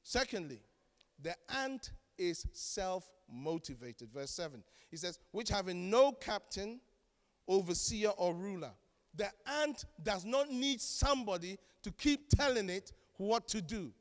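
A man preaching a sermon as pastor, animated and joking, acting out the voices of the people he quotes. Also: high voice, measured pace, big-room sound. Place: church.

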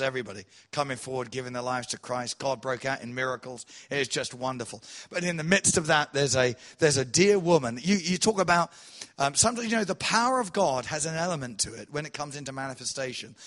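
A man preaching to a congregation, telling a testimony with animated storytelling that swells loud and then drops soft. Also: a little high. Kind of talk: sermon testimony.

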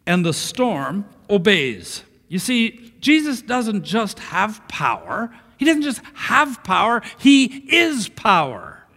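A male pastor delivering a sermon with a high, bright voice that swings widely in pitch. He leans into phrases, then falls to a hush for quoted words. His voice rings out in a long, hall-like reverb.

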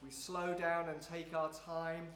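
Man leading a slow prayerful church teaching. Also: on the high side, little pitch movement, a bit bright, faint music behind. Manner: slow, repetitive, prayerful phrasing. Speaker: pastor leading a service. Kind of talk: guided devotional teaching. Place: church room with a congregation. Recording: roomy echo, faint noise.

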